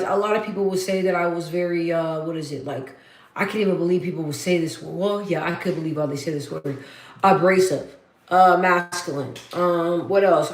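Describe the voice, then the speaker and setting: Deep-voiced, blunt woman streamer. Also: slight background noise. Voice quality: deep, bassy voice. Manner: blunt, matter-of-fact, repeats herself for emphasis. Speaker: livestream host. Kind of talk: casual livestream chat. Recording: roomy echo.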